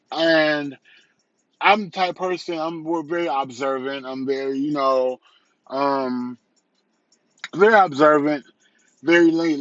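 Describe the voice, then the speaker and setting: A man's voice: a little high, no room sound, lo-fi sound. A man from the south suburbs of Chicago giving a candid, rambling vlog review, repeating phrases and restarting sentences as he talks. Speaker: vlogger and entrepreneur.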